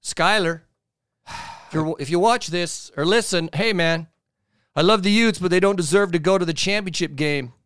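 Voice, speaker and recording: A man's voice: high-pitched, moderate pace, fairly bright tone, clean tone, no echo, studio quality. A man co-hosting a casual sports talk show, reading listener comments aloud and bluntly joking about them.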